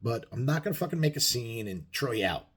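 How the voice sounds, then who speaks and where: A man's voice: medium pitch, lively intonation, fast, husky. A man telling a bar-fight story casually to camera, swearing constantly and acting out the quoted lines with bursts of volume. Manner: profane, conversational, acts out quoted lines loudly. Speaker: storyteller biker vlogger.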